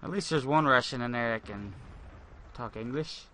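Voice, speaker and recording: Bright-voiced man rambling over gameplay. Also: mid-range voice, fast. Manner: rambling, profane, thinks aloud. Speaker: gaming channel host. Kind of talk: casual gameplay commentary.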